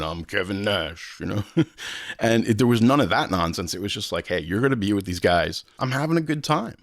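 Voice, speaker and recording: A man's voice: dry recording, clean studio sound. A man hosting a podcast, telling a long casual story with swearing and acted-out quotes. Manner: animated, swearing, acts out quotes with big pitch jumps. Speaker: podcast host.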